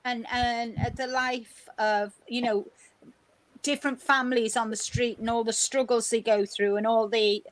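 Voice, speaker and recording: A woman's voice: a little high, fairly even intonation, moderate pace, rough recording. A woman chatting casually who hesitates and searches for her words. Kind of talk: casual chat.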